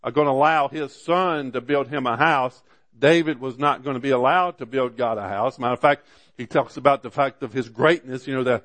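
A male pastor preaching a sermon, with frequent "amen"s and rhetorical questions to the congregation, slowing down to stress scripture and repeating words as he goes. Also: mid-range voice, a bit bright. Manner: slows down to stress scripture quotes; repeats words and restarts often.

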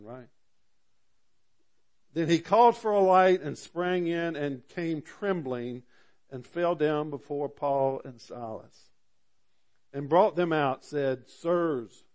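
A man preaching a sermon, reading scripture in a rising, loud voice and then dropping to quiet asides, with frequent repeated words and restarts. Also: medium pitch, normal speed. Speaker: pastor.

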